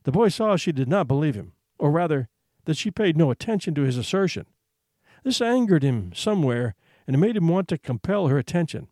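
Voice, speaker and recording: Expressive male storyteller, dry sound. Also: on the high side, a little fast, dry recording. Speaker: narrator. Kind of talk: audiobook narration.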